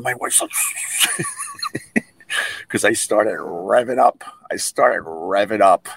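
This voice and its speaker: A middle-aged man hosting a podcast, telling stories in a casual livestream chat and acting out whispered and loud impressions. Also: deep voice, normal speed, vocal fry, breathy edge, dry recording. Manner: animated storyteller who acts out whispered and loud impressions. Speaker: podcast host.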